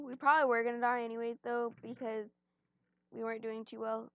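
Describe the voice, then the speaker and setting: A woman's voice: on the high side, little pitch movement, moderate pace, no echo, lo-fi sound. Chatty young woman gaming at home. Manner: chatty, rambling, self-deprecating, often chewing. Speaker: gaming channel host. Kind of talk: casual gameplay commentary. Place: at home, on a bed.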